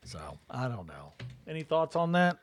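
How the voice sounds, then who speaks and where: Animated swearing man telling stories. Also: on the high side, normal speed. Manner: animated storytelling, swears, acts out quotes. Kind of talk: casual chat.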